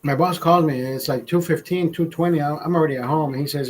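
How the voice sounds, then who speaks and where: Rambling, profane man with a higher voice. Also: fast, low-quality recording. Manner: rambling, profane, animated storytelling. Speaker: livestream host. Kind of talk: casual late-night livestream chat.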